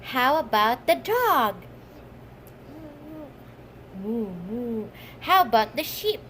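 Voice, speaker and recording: A woman's voice: sits high, big pitch swings, a little slow, fairly bright tone, a little hiss or hum. A young woman at home, coaxing her toddler in a sing-song voice while filming on a phone. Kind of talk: casual home vlog.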